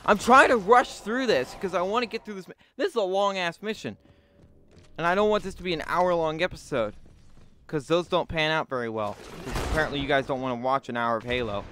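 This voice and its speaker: Young male let's-player, a little high-pitched, swearing, exasperated, faint game gunfire behind. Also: fairly quick, a little hiss or hum. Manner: swears a lot, frustrated, shouts at enemies. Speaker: gaming commentator. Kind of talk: frustrated gameplay commentary.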